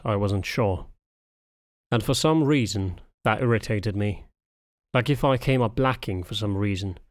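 A man narrating a first-person audiobook in a measured, wry storytelling manner. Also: on the low side, no room sound, studio quality.

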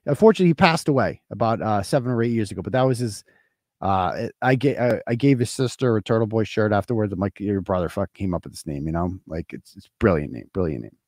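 A man's voice: lowish voice, lively intonation, fast, darkish tone, dry recording, studio quality. A man in his forties from Massachusetts, hosting a casual livestream, reading chat and ranting with lots of swearing and sarcasm. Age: 40s. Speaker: host.

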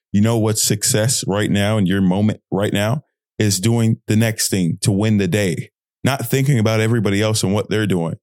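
In clean studio sound with no echo, a young man hosts his podcast with a casual motivational monologue, blunt and full of slang and tough-love advice. His voice is fairly low-pitched and a little mellow, at a moderate pace.

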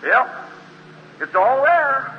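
A man preaching a fiery revival sermon, telling a story with acted dialogue and climbing to high exclamations. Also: sing-song, extremely slow. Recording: dull lo-fi hall recording with faint hiss.

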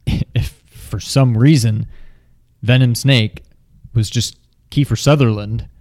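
A man co-hosts a gaming podcast in casual conversation. His voice sits at a middling pitch. He talks in a measured, wry way and hedges his opinions. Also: fairly even intonation, darkish tone. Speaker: podcast co-host.

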